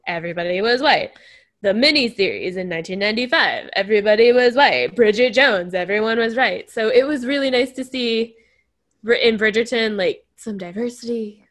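A woman co-hosting a casual podcast chat, talking in an animated way and acting out quotes in a raised voice. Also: fairly high pitch, moderate pace. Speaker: podcast co-host.

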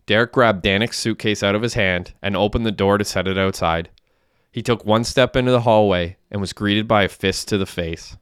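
A man reading a crime story aloud in a plain, steady way. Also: lowish voice, moderate pace, clear, resonant tone, no echo, clean studio sound. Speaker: narrator. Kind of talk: audiobook narration.

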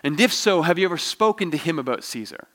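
A man's voice: a little high, animated, fast, pitched above the performer's own voice. A man reading as a stern interrogating Roman governor. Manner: sharp, interrogating questions. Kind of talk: dramatic reading from a novel.

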